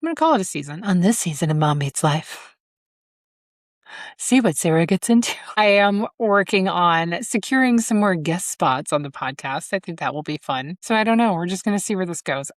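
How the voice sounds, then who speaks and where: Candid, profane woman podcaster, low voice. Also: dry recording, clean studio sound. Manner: candid, profane, self-mocking, laughs often. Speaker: podcast host. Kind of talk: casual solo podcast chat.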